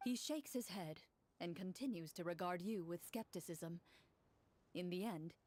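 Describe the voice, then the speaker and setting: A woman serving as game master, narrating a tabletop role-play in a measured, descriptive way. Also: on the low side, darkish tone.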